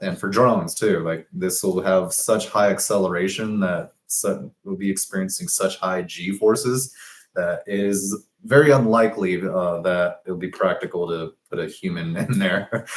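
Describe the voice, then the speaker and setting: Deep-voiced man musing over sketches. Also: reverberant, slight background noise. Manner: rambling, thinking aloud with fillers and self-corrections. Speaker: presenter of business ideas. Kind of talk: casual explanation of sketches.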